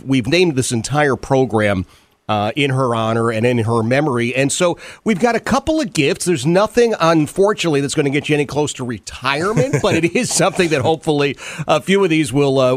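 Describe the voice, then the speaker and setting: A man's voice: on the high side, expressive, brisk, no room sound. A man hosting a talk radio interview, earnest, often repeating words and using fillers. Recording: dry studio sound.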